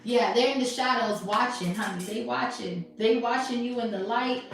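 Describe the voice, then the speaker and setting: A woman's voice: a little high, normal speed, a little hiss or hum. A woman doing a live tarot reading in a sassy, emphatic way. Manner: sassy, emphatic, laughing often. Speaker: tarot reader. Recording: very echoey room, mic far off.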